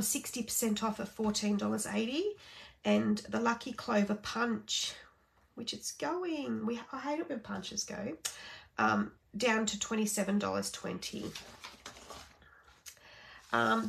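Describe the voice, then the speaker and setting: Heavily gravelly-voiced woman chatting casually. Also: a little high, a little hiss or hum. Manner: chatty, many ums, pauses while flipping pages. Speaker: craft supply demonstrator. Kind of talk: casual product sale walkthrough.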